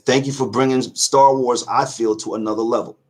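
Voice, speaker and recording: A middle-aged man hosting a casual reaction video, choked up with emotion, talking earnestly in halting restarts. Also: mid-range voice, fairly even intonation, a little mellow. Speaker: YouTube reaction host.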